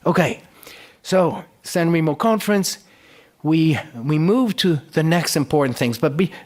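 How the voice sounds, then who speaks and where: Middle-aged guy lecturing at a conference, voice a bit on the high side, lots of uh's and restarts, tells it like a story. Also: unhurried. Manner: storytelling, recounting historical debates and quoting speakers in lively voices; frequent fillers and restarts.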